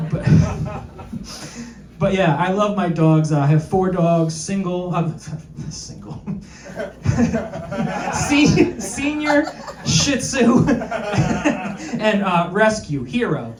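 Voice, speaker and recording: A male stand-up comedian doing a self-deprecating set, tossing quick asides to the crowd. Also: sits high, lively intonation. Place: comedy club with live audience. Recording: echoey club, distant mic, crowd noise.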